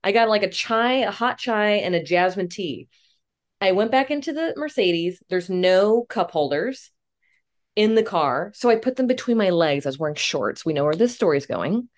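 A young woman spins a self-mocking story as a podcast guest, lively and quick to swear. Her pitch sits in a middle range for a woman, and her delivery is animated, with the timing of a comic actress. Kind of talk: casual interview storytelling.

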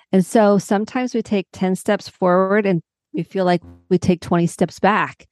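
A woman's voice: medium pitch, fairly even intonation, moderate pace, a little mellow, no echo. A woman psychotherapist on a podcast, earnestly walking through examples step by step. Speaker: psychotherapist guest. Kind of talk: podcast interview.

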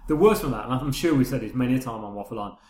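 A man's voice: mid-range voice, lively intonation, rapid-fire, darkish tone, roomy sound. A middle-aged man co-hosting a casual podcast chat, rambling and retelling scenes with quoted dialogue. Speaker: podcast co-host.

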